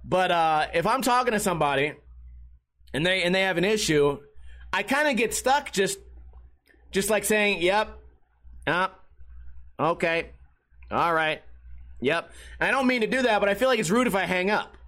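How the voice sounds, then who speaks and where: A man's voice: sits high, animated, a little fast, fairly bright tone. A young man hosting a podcast on his own, telling stories in a rambling, profane, self-deprecating way. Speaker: podcast host. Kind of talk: casual solo podcast monologue.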